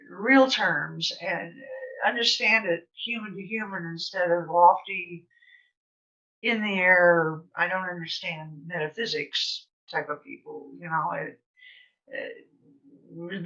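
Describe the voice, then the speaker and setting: A woman's voice: lowish voice, a bit bright. An older woman telling stories in a chatty, rambling way, full of fillers, as a guest speaker. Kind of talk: casual storytelling. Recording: slightly distant, dull sound.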